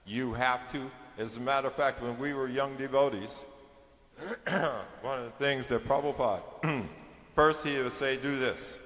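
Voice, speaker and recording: A man's voice: medium pitch, unhurried, fairly bright tone. Older male preacher, earnest and urging, recorded in a big echoing temple hall. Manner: earnest, exhorting, rising in force toward the end. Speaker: senior devotee speaker. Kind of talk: sermon. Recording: echoey hall with long reverb.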